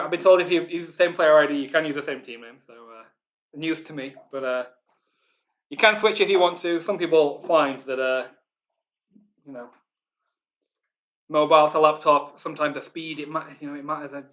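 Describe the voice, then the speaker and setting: A Northern English man runs a live online pub quiz in a bright, forceful voice pitched a little high. He chats loosely with players, full of ums, and then reads each question slowly and repeats it. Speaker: quiz host.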